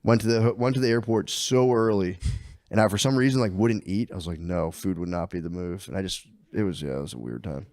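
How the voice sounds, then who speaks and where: A man in his thirties co-hosting a podcast, chatting casually and telling animated stories, acting out his kids in high squeals. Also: fairly quick, no echo. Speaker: podcast co-host. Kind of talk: casual chat.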